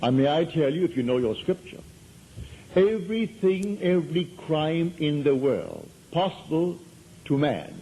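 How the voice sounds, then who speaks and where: A man delivers a metaphysical lecture to a live audience, telling stories conversationally and hammering points home through repetition. His fairly high voice is sing-song, unhurried, and warm, on poor audio with a little hiss or hum.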